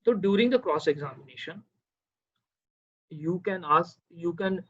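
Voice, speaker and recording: Lecturing online about cross-examination, an Indian English-accented man explains each step carefully, frequently saying "uh" and checking that listeners follow. His high, expressive voice is fairly bright and measured in pace, heard through lo-fi sound.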